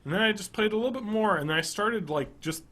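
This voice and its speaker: A man in his thirties co-hosting a podcast, chatting casually and enthusiastically, rambling and swinging between loud bursts and quiet mumbles. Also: sits high, expressive, a little fast. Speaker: podcast co-host. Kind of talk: casual chat.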